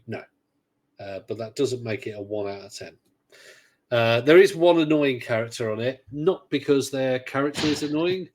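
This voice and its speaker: Chatty man, dry humor. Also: medium pitch. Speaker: podcast co-host. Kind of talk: casual chat.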